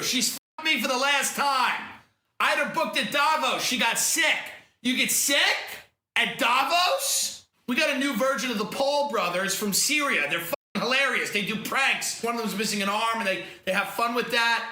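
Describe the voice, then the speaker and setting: A man's voice: very high-pitched, sharp tone, echoey room. A man doing a brash, profane comedy monologue as a pushy talent agent. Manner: brash, profane, fast-talking.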